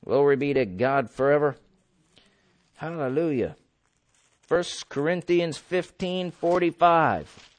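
High-voiced man preaching emphatically, dry sound. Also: unhurried, no echo. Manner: emphatic, asks the listener questions and answers them himself. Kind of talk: sermon.

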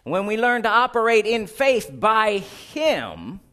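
A man's voice: high voice, very animated, unhurried, bright, forceful tone. A man preaching a sermon, reading scripture aloud and putting questions to his congregation.

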